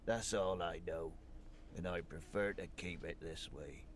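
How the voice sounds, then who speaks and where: A man's voice: low-pitched, fairly even intonation, a little slow, slight background noise. An actor playing a drowsy, evasive dock worker in his thirties in a video game, giving curt answers. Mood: surly. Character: sleepy, surly thirty-something male dock worker.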